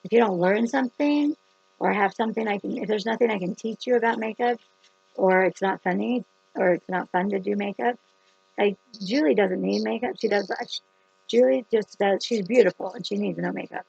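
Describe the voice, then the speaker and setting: A woman's voice: medium pitch, normal speed, vocal fry, a little mellow. A woman hosting a chatty livestream makeup tutorial, rambling and teasing herself as she works. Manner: rambling, joking, self-teasing. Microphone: camera or phone livestream. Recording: dull lo-fi sound.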